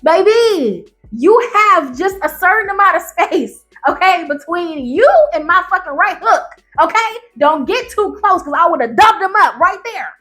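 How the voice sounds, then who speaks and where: A sassy woman reading stories aloud to camera, with a high voice. Her pitch swings wildly as she reads, breaks off into loud, cheeky outbursts, and keeps calling her listeners baby and honey. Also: expressive, a little slow, hardly any pauses, soft background music. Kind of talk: animated reaction reading.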